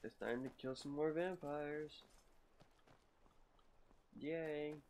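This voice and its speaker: A man's voice: medium pitch, big pitch swings, a little fast, gravelly, a little mellow, slight background noise. A man streaming a video game live, joking playfully and talking back to the game characters. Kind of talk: live gameplay commentary.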